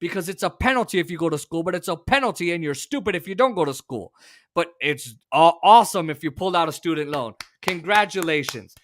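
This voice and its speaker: A man's voice: fairly high pitch, lively intonation, fast, fairly bright tone, dry recording, studio quality. A man hosting a talk show, ranting about politics in a heated, profane way with stumbling restarts. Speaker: host. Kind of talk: political rant.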